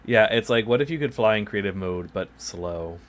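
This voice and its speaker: A man's voice: fairly low pitch, animated, normal speed, slight background noise. A man streaming a game at his home desk, chatting loosely and chuckling at himself into a microphone set beside him. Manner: rambling, chuckles often, self-mocking. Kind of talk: casual chat while gaming.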